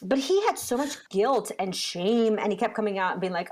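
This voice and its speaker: A woman's voice: medium pitch, quick pace, few pauses, a little hiss or hum. A woman in her thirties, a podcast co-host and parent, chatting casually and telling a story with lots of fillers. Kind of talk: casual chat.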